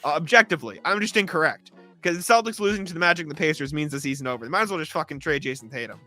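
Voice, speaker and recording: Sarcastic ranting man, bright voice. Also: a little high, animated, very fast, dry recording, faint music behind. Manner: sarcastic, exasperated ranting with profanity. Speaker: podcast co-host. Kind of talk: live sports talk show, ranting.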